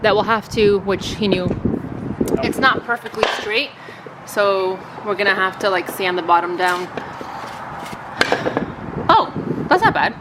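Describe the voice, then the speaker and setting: A woman's voice: medium pitch, little pitch movement, normal speed. A young woman chatting casually in a home DIY vlog, bubbly and gushing, with giggles in her talk. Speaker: vlogger. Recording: noisy home video sound.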